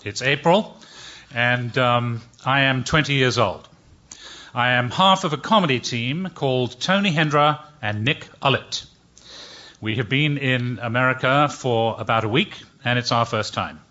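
A man telling a personal story live on stage, chatty and halting with many pauses. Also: mid-range voice, pushed and bright, dull audio. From England. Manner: chatty, hesitant with many ums.

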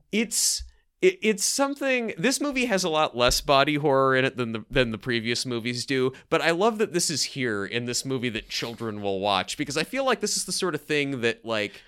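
A man's voice: mid-range voice, sing-song, normal speed, fairly bright tone, clean tone. A man co-hosting a podcast, chatting casually in a rambling, self-correcting way and laughing often. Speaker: podcast co-host. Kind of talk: casual chat.

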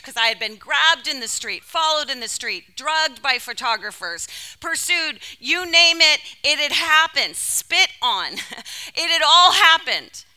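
A woman from California delivering a sermon by telling a personal story in an animated, emotional way. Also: high-pitched. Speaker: speaker.

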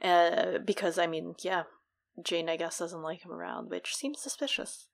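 A woman's voice: lowish voice, fairly even intonation, normal speed, creaky. A young woman co-hosting a casual book discussion podcast, chatty and laughing often as she acts out lines from the story. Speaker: podcast co-host.

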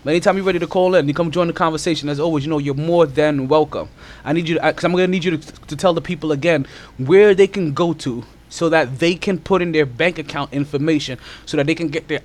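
A man hosting a casual sports podcast, slightly out of breath, talking loosely and animatedly with lots of shout-outs. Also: on the high side. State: a little out of breath. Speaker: podcast host.

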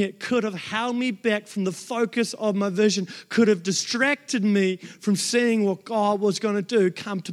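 A man preaching a sermon, telling a family story with lively acted-out voices. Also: high voice. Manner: animated storyteller acting out quoted family voices. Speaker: pastor.

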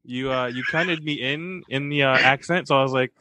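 A man co-hosting a podcast in casual chat, easygoing and quick to laugh at himself. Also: medium pitch, sharp tone, no room sound. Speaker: podcast co-host.

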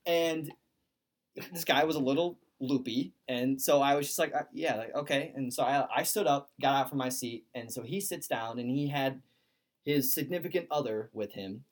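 A man's voice: medium pitch, normal speed. Rambling young man telling a story. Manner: rambling, lots of "like", quotes people in voices. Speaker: podcast host. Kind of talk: casual storytelling.

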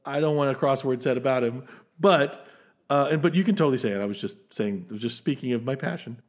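Animated, laughing film podcast host man. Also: medium pitch, quick pace. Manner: animated, enthusiastic, laughs often, many restarts. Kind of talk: casual film discussion.

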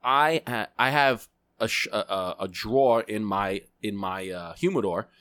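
A man, a podcast guest and actor, telling cigar stories in a relaxed, unhurried way with many restarts. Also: fairly low pitch, no room sound, clean studio sound. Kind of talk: casual storytelling.

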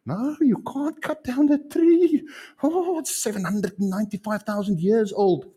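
A man voicing a shrill, panicked tree worshipper who squeals in outrage during a sermon. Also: measured pace, dark tone, slightly rough.

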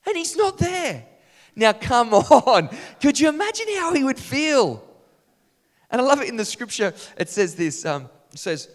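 A man preaching a sermon, animated and full of rhetorical questions to his congregation. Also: very high voice, a little slow, long reverb tail.

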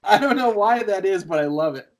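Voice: mid-range voice, brisk. A podcast host chatting casually, telling stories with lots of laughter and casual swearing. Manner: animated storyteller, laughs often, swears casually. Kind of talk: casual chat.

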